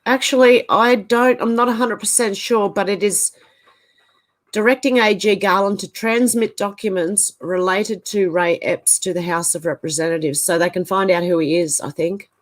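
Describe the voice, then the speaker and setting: A woman's voice: mid-range voice, fairly even intonation, normal speed. A woman hosting a casual livestream, reading out viewer comments and thinking aloud with hesitant asides. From Australia.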